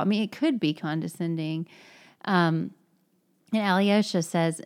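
Lady with a lowish voice chatting about a book, animated, retells scenes. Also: moderate pace. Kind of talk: casual book discussion.

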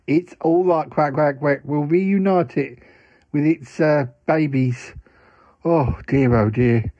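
A man's voice: on the high side, slow pace, no echo, muffled recording. A man voicing a fussy, reassuring duck-like male character who quacks between his phrases. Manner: punctuates speech with "quack, quack".

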